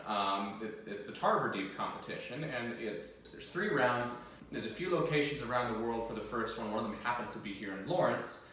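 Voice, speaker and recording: A young man from the United States hosts a video where he sight-reads organ music and chats casually, putting himself down along the way. He speaks at normal speed with a medium-pitched, expressive, fairly bright voice, and the distant mic in the echoey room picks up a bit of hiss or hum.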